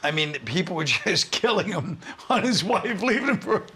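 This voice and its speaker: A man's voice: sits high, lively intonation, moderate pace, sharp tone, a little hiss or hum. A male comedian guest, grumbling and swearing through casual banter. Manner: gruff, complaining, swears a lot.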